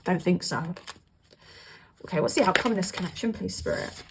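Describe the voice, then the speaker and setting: A woman doing a casual, chatty tarot reading, emphatic and quick to laugh. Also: lowish voice, gravelly, noisy background. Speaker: tarot reader.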